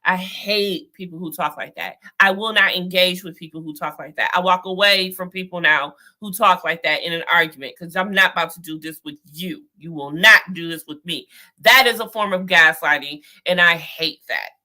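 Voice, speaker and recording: A woman's voice: fairly low pitch, moderate pace, bright, forceful tone. A young adult woman giving outspoken, exasperated political commentary, talking straight to her viewers. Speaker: vlogger.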